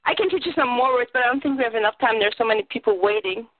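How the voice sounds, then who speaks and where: Excited German woman on a phone line. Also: a little high, very fast, no echo. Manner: excited, giggly, apologetic. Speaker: caller. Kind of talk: phone call-in chat.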